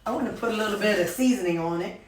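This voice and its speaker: A rambling, talkative woman, chatting at a middle pitch while she fixes her supper. The sound is roomy, with her voice bouncing around a home kitchen. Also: very fast, slight background noise. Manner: rambling, chatty storytelling with many fillers. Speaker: vlogger showing her meals. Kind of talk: casual chat while preparing supper.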